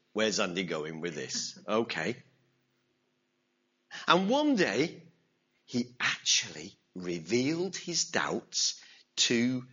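Man preaching, slow and lively, acts out the voices, husky, muffled lo-fi church recording. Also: fairly low pitch. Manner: animated storyteller, acts out voices. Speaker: pastor. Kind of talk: sermon with story and call-and-response.

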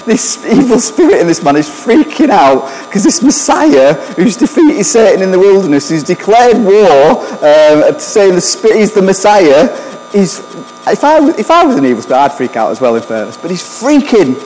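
A man's voice: high-pitched, very animated, moderate pace, darkish tone, long reverb tail, soft background music, low-quality recording. A man preaching a sermon in a conversational way, often asking the congregation questions.

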